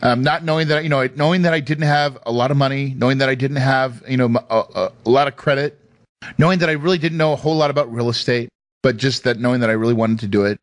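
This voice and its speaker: This podcast host talks fast in a medium-pitched voice, recorded without echo. He recounts a personal story with emphatic emotion, laughing a lot into the studio microphone.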